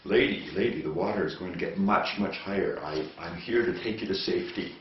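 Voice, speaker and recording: A man's voice: low-pitched, brisk, natural voice. A man voicing an urgent rescuer who pleads in a raised voice, recorded from a distance in an echoey space. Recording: distant, echoey, muffled with faint hiss.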